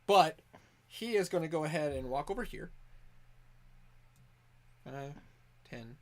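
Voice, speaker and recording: A man's voice: a little high, lively intonation, slow. A man running a tabletop game as game master over voice chat, rambling with many fillers and restarts. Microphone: online voice chat.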